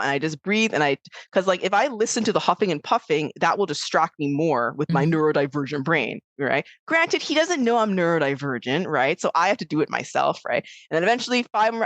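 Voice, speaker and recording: Low-voiced woman chatting loosely. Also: no echo. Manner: rambling, many fillers and restarts, acts out quoted voices. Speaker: podcast co-host. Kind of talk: casual conversational chat.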